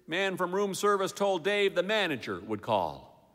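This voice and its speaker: A man reading a funny story aloud, wry and dry in delivery, with a high, lively voice that swoops around. The sound hangs in a long hall reverb. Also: unhurried.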